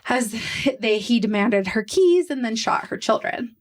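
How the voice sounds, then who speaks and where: A fairly high-voiced woman hosts a podcast and tells a true crime story as a relaxed, chatty talk. Her delivery is animated, with quick asides. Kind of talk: casual storytelling chat.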